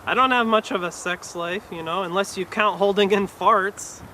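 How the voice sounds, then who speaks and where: Performing stand-up live, a man with a slightly high-pitched voice talks at an ordinary speed, his lines deadpan and awkward, hedged with fillers. The comedy set is recorded with distinct background noise.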